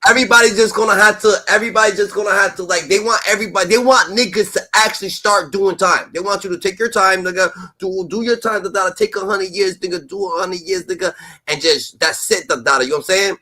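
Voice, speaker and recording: A man hosting a stream, rambling in casual street talk with lots of fillers and sudden loud outbursts. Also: high voice, fast. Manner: rambling, animated, filler-heavy, slips into loud impressions. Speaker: stream host.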